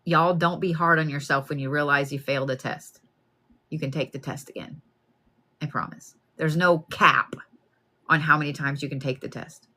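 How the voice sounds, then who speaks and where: A woman gives a live card reading. She talks plainly and casually, with animated asides, addressing the listener directly. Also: sits low, moderate pace. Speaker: card reader.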